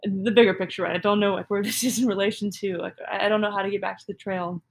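Chatty woman with a gravelly edge. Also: medium pitch, steady tone, quick pace. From Texas. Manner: self-deprecating, chatty, many fillers like "um" and "like". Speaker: guest telling a personal story. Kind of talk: casual conversational storytelling.

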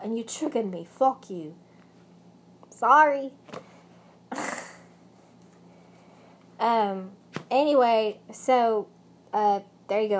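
A young woman with a British accent vlogging about her ex, rambling and swearing heavily, with angry bursts. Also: medium pitch. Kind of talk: emotional personal rant.

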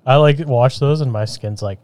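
A man's voice: mid-range voice, moderate pace, darkish tone, no echo. Guy cracking jokes, rambly, laughs a lot, dry close sound. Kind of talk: casual chat.

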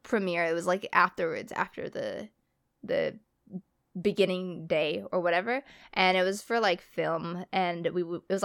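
A woman's voice: on the low side, a bit bright. A young woman co-hosting a podcast in casual chat, giggling and joking, with lots of filler words. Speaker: podcast co-host.

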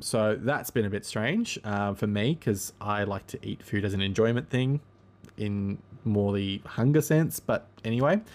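Male podcast host, lowish voice, loose rambling delivery full of ums, relaxed and chatty. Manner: rambling, frequent ums and self-corrections. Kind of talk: casual monologue.

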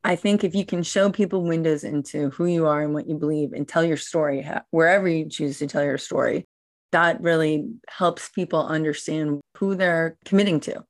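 A woman with a notably low voice tells her point casually, with "like" scattered through her sentences. The recording is dry and close. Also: steady tone, moderate pace, no echo. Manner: chatty, peppered with "like". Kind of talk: casual conversation.

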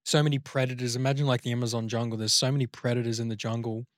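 Australian male podcast co-host, mid-pitched, rambling and laid-back, dry close sound. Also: very fast, no room sound. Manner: rambling, relaxed, swears casually. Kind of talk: casual chat.

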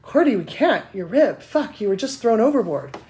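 A woman reading out a breathy, urgent male lover. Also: high voice, big pitch swings, moderate pace, a little mellow, a little hiss or hum. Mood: aroused.

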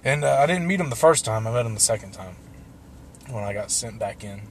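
A man's voice: medium pitch, animated, a little fast, a little hiss or hum. Young man telling a story casually, swearing. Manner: loose and profane, laughing through the tale.

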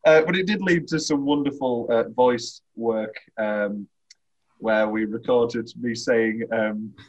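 A man's voice: medium pitch, takes it slowly. Rambling, laughing male podcast host. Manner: rambling, self-interrupting, laughs often. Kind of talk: casual film discussion. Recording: dull lo-fi podcast audio.

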